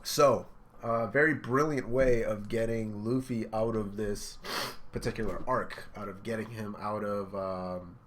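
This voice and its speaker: Excitable man narrating a comic reaction. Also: fairly low pitch, measured pace, a little hiss or hum. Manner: excitable, with sound effects and fillers. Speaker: manga reaction host. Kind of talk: casual play-by-play reaction.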